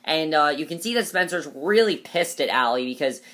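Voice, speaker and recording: A man's voice: fairly high pitch, brisk. Guy recapping a show episode, rambly w lots of ums, gets worked up about it. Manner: chatty, many fillers and restarts; excited, emphatic opinions. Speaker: TV episode reviewer.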